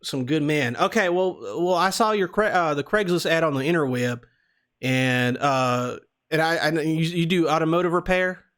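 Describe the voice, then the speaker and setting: A man's voice: a little high, normal speed, a bit bright, close to an everyday voice. A man putting on a Southern American accent to play a folksy prank caller who rambles and calls people sir and son. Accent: American Southern (put on). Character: folksy Southern man calling about car repair.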